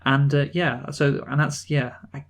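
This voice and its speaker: A man from the North of England co-hosting a relaxed film review podcast. He talks with easy enthusiasm at a middle pitch, looping and restarting his sentences as he goes. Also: gravelly. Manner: enthusiastic, rambling, halting restarts. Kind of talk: casual film discussion.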